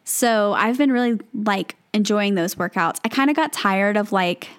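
A woman's voice: medium pitch, moderate pace, smooth. A young woman co-hosting a podcast in casual chat, rambling with lots of fillers. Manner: chatty, filler-heavy, lots of "like" and "um". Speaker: podcast co-host.

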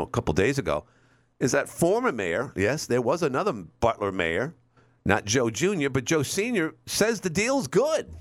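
An animated male talk radio host whose pitch swings widely as he rambles and restarts his sentences. He speaks into a studio microphone, and the sound is very dry and close. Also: no room sound.

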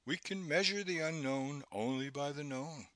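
A man's voice: on the high side, moderate pace, a bit bright, dry recording, voice pushed up, close to an everyday voice. A man reading an audiobook, voicing a proud, bookish literary critic who speaks in a formal, academic manner.

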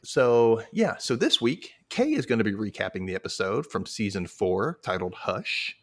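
A man's voice: fairly low pitch, moderate pace. A man hosting a casual podcast, chatty and laughing easily as he talks. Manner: chatty, animated, laughs often. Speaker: podcast host.

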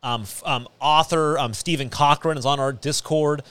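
A man's voice: fairly high pitch, normal speed, fairly bright tone, smooth, no echo. A man hosting a podcast in a small studio, chatting casually and rambling with many fillers and restarts. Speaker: podcast host. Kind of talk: casual chat.

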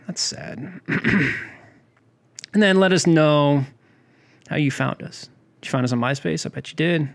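A man's voice: a little high, a little fast, creaky. A man co-hosting a podcast in casual banter, dry and teasing with a mock-snobbish edge. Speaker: podcast co-host.

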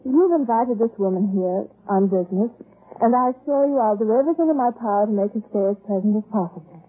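A woman's voice: mid-range voice, expressive, quick pace, husky. An actress playing a cool, teasing English lady in 1940s radio acting. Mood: dry. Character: dry-witted English lady, the lord's wife. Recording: muffled lo-fi old radio broadcast.

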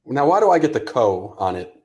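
A man's voice: mid-range voice, sing-song, brisk, darkish tone. A man co-hosting a casual podcast, chatty and reasoning things out aloud. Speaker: podcast co-host.

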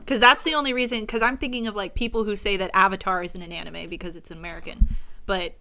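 A woman's voice: medium pitch, steady tone, fast talker, bright, forceful tone. A woman co-hosting a podcast in casual chat, blunt and easygoing. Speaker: podcast co-host.

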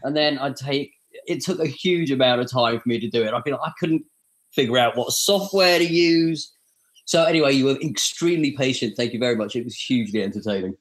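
A man's voice: mid-range voice, fairly quick. Self-deprecating British man, posh accent. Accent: British received pronunciation. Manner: self-deprecating, chatty storyteller. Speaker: guest voice actor. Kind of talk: casual chat.

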